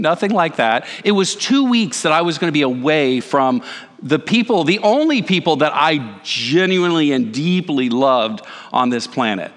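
A man in his forties, a pastor giving a conversational sermon with animated, self-deprecating asides. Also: mid-range voice. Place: church sanctuary. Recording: reverberant church hall.

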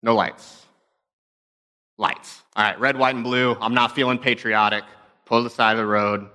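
A man's voice: mid-range voice, fairly even intonation, normal speed, sharp tone. A young adult man, a pastor, telling stories in a conversational, self-deprecating sermon talk.

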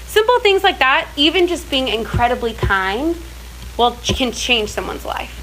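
A woman's voice: high voice, lively intonation, moderate pace, fairly bright tone, a little hiss or hum, rough recording. A young woman telling personal stories in a casual faith talk, chatty and full of filler words and restarts. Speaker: speaker in a church series.

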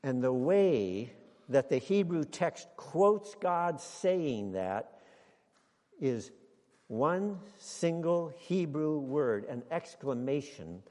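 A man preaching a sermon to a congregation, speaking deliberately and building to emphatic exclamations. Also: on the high side, animated, warm tone, long reverb tail. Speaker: pastor.

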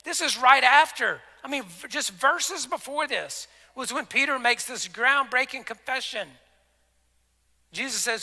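A male pastor preaching a conversational sermon with a high, very bright voice. He acts out the scripture dialogue and sometimes drops to soft, intimate tones. His voice rings with the long reverb of a large hall. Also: expressive, unhurried.

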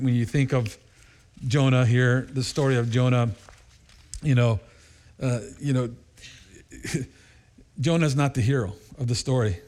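A man preaching a sermon as a pastor, telling stories with lively energy, laughing often and jumping higher when acting out voices.

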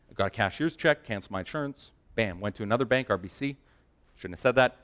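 Man, 30s, preacher; chatty, self-deprecating storyteller whose sermon builds in intensity, mid-pitched voice. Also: expressive, racing. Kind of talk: sermon with personal anecdote.

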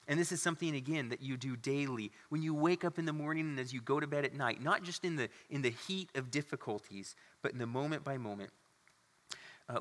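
A man's voice: medium pitch, bright, forceful tone. A man preaching a sermon as pastor, earnest and conversational, with asides to the congregation. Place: church sanctuary. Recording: long hall reverb.

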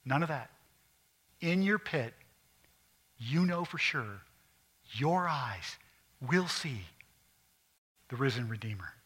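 A man preaching a sermon, earnest and emphatic, rising to loud peaks and dropping to quiet asides. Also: medium pitch, lively intonation, slow pace, pauses often, slightly rough. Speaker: pastor.

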